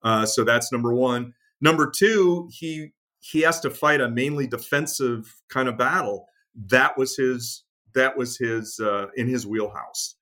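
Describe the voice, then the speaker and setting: Male author guest, mid-pitched, storytelling interview delivery with many "uh"s and self-corrections. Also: measured pace, pushed and bright. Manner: many fillers and restarts, storytelling with acted quotes. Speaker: author and military historian guest. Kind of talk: conversational interview.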